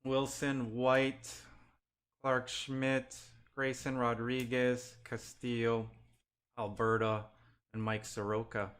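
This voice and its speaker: During a live card break on stream, a man opens packs and calls out each player's name while chatting with viewers. His voice is medium-pitched, level, and a bit bright, and he speaks slowly.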